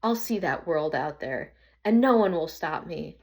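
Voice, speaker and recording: A woman voicing an older mother poodle who longs for adventure, speaking quietly and with determination. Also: deep voice, animated, unhurried, exaggerated voice. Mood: determined.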